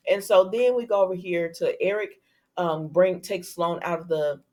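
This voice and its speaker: A woman's voice: on the low side, moderate pace, mellow. A woman recapping a soap opera episode in casual chat, sassy and talking straight to her viewers.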